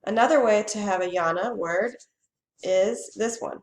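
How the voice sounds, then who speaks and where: Woman, language teacher, bilingual lesson, slow and clear, reverberant room. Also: mid-range voice. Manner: reads each Spanish phrase and then gives the English, slow and clearly spoken. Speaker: Spanish teacher.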